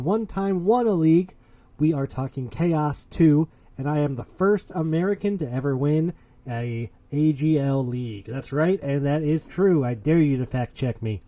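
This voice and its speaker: A man's voice: on the high side, dark tone. A man hosting a casual podcast, talking in a boastful, hyped-up, playful way. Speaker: podcast host.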